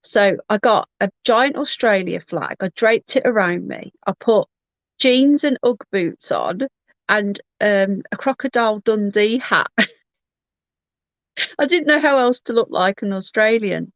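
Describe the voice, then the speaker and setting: A woman's voice: mid-range voice, animated, takes it slowly, no echo, muffled recording. A woman hosting a livestream, telling a personal story in a candid, rambling way with frequent restarts. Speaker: livestream host.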